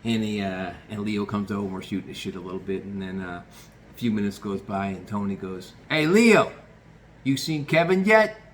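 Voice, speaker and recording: A man's voice: low-pitched, flat delivery, a little fast, darkish tone, slight background noise. A man telling a true story in a loose, rambling way, swearing casually and restarting his sentences.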